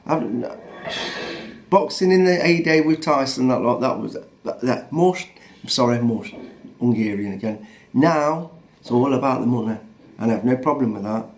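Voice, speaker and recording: A man's voice: mid-range voice, normal speed. A man in his fifties telling a story as a vlogger, blunt and sweary, rambling with many restarts. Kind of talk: casual storytelling rant.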